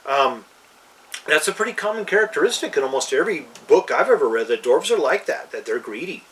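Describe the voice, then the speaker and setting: A man's voice: a little high, expressive, a little fast, a bit bright, recorded from a distance, slight background noise, rough recording. A man co-hosting a casual chat about fantasy games, rambling with many fillers and restarts. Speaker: podcast co-host.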